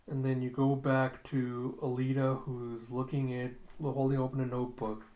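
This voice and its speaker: A man's voice: medium pitch, level tone, moderate pace, hardly any pauses, mellow. A man casually recapping a comic, in a loose, rambling way full of fillers. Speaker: manga recap host. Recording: roomy echo.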